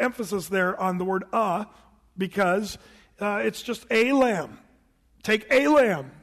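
A pastor with a high voice preaches a sermon in a reverberant hall. His style is conversational, with rhetorical questions and asides.

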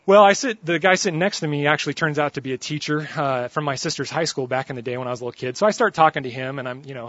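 A man preaching a sermon, telling a funny personal story in an animated, joking way. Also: a little high, fairly quick, no echo, highs cut off.

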